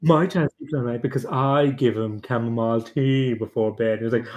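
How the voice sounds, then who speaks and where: A man's voice: medium pitch, moderate pace, a little mellow, dull audio. A young man hosting a casual podcast panel chat, talking bluntly, swearing a lot and mocking other parents in put-on voices. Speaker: podcast host.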